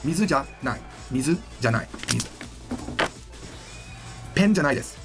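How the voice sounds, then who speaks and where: A man teaching a video language lesson, animated and jokey, acting out example lines as he explains. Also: mid-range voice, normal speed, gravelly, music in the background.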